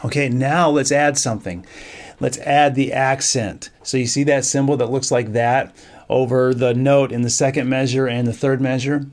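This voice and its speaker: A middle-aged band director teaching a music lesson, counting off beats and singing rhythms on syllables. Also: male voice, mid-range voice, fairly even intonation, moderate pace, a little mellow.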